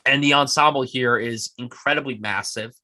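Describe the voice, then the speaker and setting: A man's voice: medium pitch, normal speed, pushed and bright, dry recording. A man hosting a casual film podcast, talking with enthusiasm and plenty of swearing. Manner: enthusiastic, profane, puts on mock voices. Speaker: podcast host.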